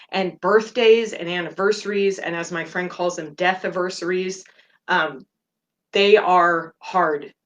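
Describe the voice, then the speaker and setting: Woman with a low speaking voice, hosting a meditation show, open and unpolished, pausing often as she shares. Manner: earnest and open, speaks in halting phrases with fillers. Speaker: meditation podcast host. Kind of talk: personal reflective talk.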